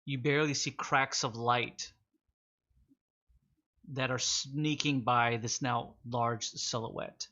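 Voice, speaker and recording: A man with a slightly rusty voice from sinus trouble, game master slowly building suspense in a tabletop game. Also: medium pitch, fairly even intonation, bright, forceful tone, muffled recording. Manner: slow, suspenseful descriptions with fillers and restarts.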